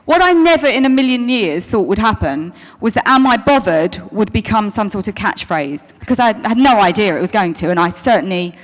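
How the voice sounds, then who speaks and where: A woman's voice: mid-range voice, lively intonation, fairly quick, few pauses. A woman answering fan questions at a convention, chatty, stopping and restarting, calling people darling. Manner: chatty, self-interrupting, calls people darling. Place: convention hall stage. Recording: long hall reverb.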